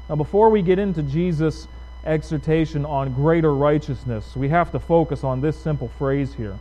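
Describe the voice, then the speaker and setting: Man, pastor, sermon, conversational, questions to listeners, fairly high-pitched. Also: normal speed, warm tone, low-quality recording. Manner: conversational, asks the audience questions.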